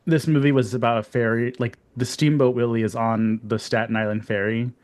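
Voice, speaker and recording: A man co-hosts a horror podcast, chatting casually and telling stories with jokes. His storytelling is animated and jokey and full of laughs, delivered in a brisk, medium-pitched voice.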